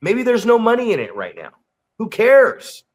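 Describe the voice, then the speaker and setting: A man co-hosting a podcast and coaching wrestlers, telling stories in an animated way, repeating words and swearing freely. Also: sits high, moderate pace. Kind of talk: casual podcast chat.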